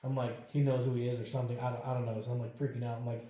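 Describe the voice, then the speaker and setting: Male interview guest, casual storyteller with a mellow, dark tone who acts out the lines and curses freely, in a very echoey room. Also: medium pitch, rapid-fire. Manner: animated, acts out quoted dialogue, swears freely.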